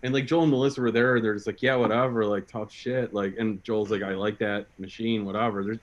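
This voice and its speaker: A man's voice: medium pitch, fairly even intonation, fast, lo-fi sound. A man hosting a casual group chat on a livestream, laughing often and restarting sentences as he tells stories. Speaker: podcast host.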